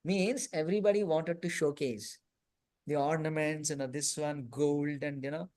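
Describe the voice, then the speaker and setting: A man's voice: fairly high pitch, fairly even intonation, moderate pace, a little mellow. Man teaching a class. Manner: conversational, frequent "you know" and "right?". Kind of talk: scripture class storytelling. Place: temple hall.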